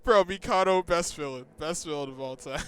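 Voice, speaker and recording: A man doing gameplay commentary, reading game dialogue aloud and reacting excitably, swearing and laughing. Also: fairly high pitch, normal speed, clean tone. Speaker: let's-play gamer. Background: faint game music.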